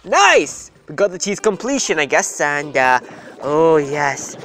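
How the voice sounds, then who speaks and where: A gaming host giving playful, rambling let's-play commentary that breaks into sudden excited shouts. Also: mid-range voice, slow pace, a little hiss or hum.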